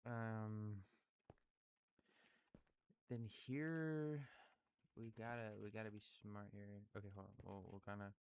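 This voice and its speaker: A man with a somewhat low voice talks casually and at length, hesitant and sheepish, stopping to reconsider and apologize. Faint background noise sits under the recording. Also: steady tone, slow, pauses often, darkish tone. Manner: indecisive, apologetic, thinking aloud with many fillers. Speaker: YouTuber ranking favorite creators. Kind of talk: casual rambling commentary.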